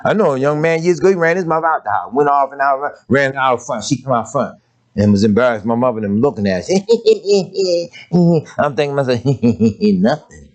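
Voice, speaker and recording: An older male preacher delivers a sermon in a storytelling manner. His pitch swings widely as he moves between his own voice and quick impressions of his parents and grandmother. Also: lively intonation.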